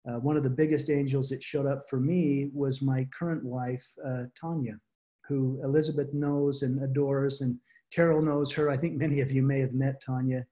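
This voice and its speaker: Earnest, halting man telling his story. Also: mid-range voice, steady tone, dark tone. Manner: earnest, halting with repeated restarts. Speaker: guest speaker. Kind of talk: personal story to a support group.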